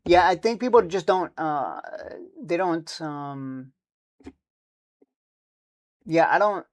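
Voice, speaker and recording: Rambling, foul-mouthed man, a touch high. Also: expressive, takes it slowly, dry recording, studio quality. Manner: rambling, profane and dismissive, many restarts. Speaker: stock market streamer. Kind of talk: casual live-stream commentary.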